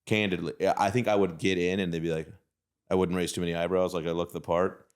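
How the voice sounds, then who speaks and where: A man's voice: deep voice, little pitch movement, fast, smooth. A man in his thirties from Texas, a podcast guest telling dry, self-mocking stories with frequent laughs. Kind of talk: casual chat.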